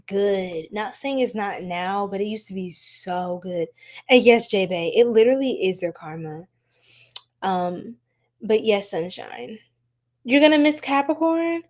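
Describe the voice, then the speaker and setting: A woman from the United States hosting a casual live-stream tarot reading, chatty and animated, laughing often and talking to her viewers. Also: medium pitch.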